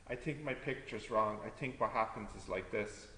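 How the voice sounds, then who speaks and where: A man's voice: on the low side, moderate pace, pushed and bright. A man teaching a physics tutorial, thinking aloud as he works through problems, checking in with students and correcting himself. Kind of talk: live classroom tutorial. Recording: echoey room with long reverb, faint background hum.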